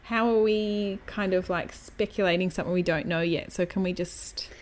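A woman's voice: on the low side, moderate pace. Chatty woman telling a story. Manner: storytelling, animated, acts out quotes; swears casually, self-mocking humor. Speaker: podcast co-host. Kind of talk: casual chat.

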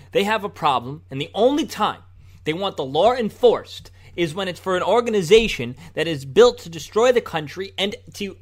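A man's voice: sits high, lively intonation, moderate pace. A man hosting a political commentary show, arguing in a sarcastic, combative way and now and then mocking the other side in a put-on voice. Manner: argumentative, sarcastic, mocking mimicry of opponents. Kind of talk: opinion commentary over video clips.

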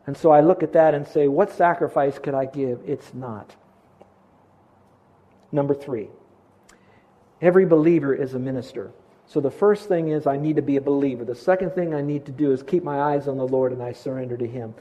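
A man preaching a sermon as pastor, earnest and measured, slowing down to stress key lines. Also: medium pitch, dark tone. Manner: earnest, preacherly, slows down for emphasis.

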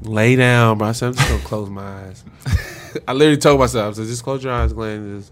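A man's voice: lowish voice, fast talker, faint music behind. A man in his thirties, a former pro basketball player, telling a long casual story as a podcast guest. He talks in slang and keeps saying "bro" and "swear to God.".

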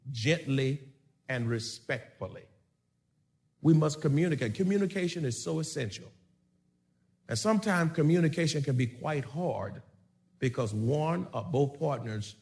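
Brief: male pastor preaching, slightly higher voice, builds to loud calls and asks the room questions. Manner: preaching with call-and-response questions and rising volume. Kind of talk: sermon.

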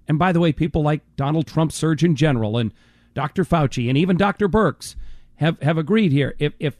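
Emphatic lively-voiced radio host. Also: male voice, on the high side, no room sound. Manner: emphatic, repeats words when starting a point. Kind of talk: casual talk radio debate.

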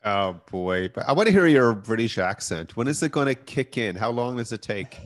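A man's voice: medium pitch, lively intonation, moderate pace, dry recording. A man who is a guest on a podcast, chatting casually and joking in a dry way.

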